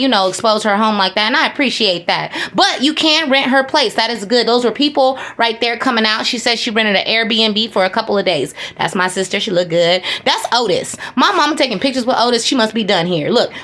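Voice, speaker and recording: A woman's voice: on the high side, a bit bright. A woman from the United States narrating a casual travel vlog, chatty and playful, with slangy asides to her viewers. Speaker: travel vlogger.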